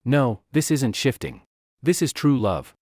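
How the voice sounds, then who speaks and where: A man's voice: medium pitch, big pitch swings, unhurried, darkish tone, dry recording, clean studio sound. A man voicing an obsessive, lovestruck young woman with fire powers, talking in a clingy, possessive way. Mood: adoring. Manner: clingy, pleading then coldly possessive.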